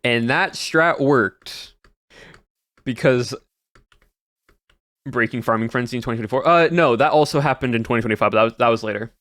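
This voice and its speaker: A man's voice: medium pitch, normal speed, pauses often, a bit bright, dry recording. A male streamer chatting casually to his chat as he recaps the year, rambling and repeating words. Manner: rambling, repeats words, trails off mid-sentence.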